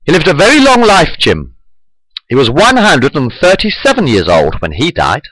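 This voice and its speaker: A man voicing a solemn male admiral who speaks gently and consolingly. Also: fairly high pitch, wildly swooping pitch, normal speed, no echo, pitched above the performer's own voice, heavily acted, poor audio.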